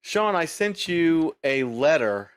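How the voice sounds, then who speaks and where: Guy cohosting a chill haunt podcast, smooth voice, kinda jokey, dry mic. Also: big pitch swings, slow, no echo. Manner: joking, with goofy high-pitched bits. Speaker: podcast co-host. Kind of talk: casual chat.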